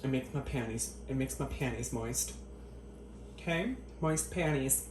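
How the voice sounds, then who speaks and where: A man's voice: medium pitch, unhurried, a little hiss or hum. A man doing a casual kitchen vlog at home, joking crudely and profanely to the camera, murmuring happily as he tastes his cooking. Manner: tasting food between lines with appreciative murmurs. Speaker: cooking vlogger. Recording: echoey kitchen.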